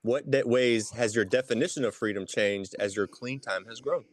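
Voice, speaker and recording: A man's voice: mid-range voice, normal speed, no room sound, clean studio sound. Teasing man co-hosting a podcast. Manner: teasing, exasperated banter. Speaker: podcast co-host. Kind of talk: casual recovery podcast chat.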